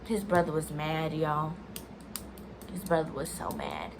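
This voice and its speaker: Young woman, vlogger, casual storytime, lower-pitched voice, rambling and chatty, addresses viewers directly. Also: very animated, measured pace, gravelly, background noise. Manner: chatty, talks straight to viewers as "y'all"; rambling, restarts sentences, many "like"s.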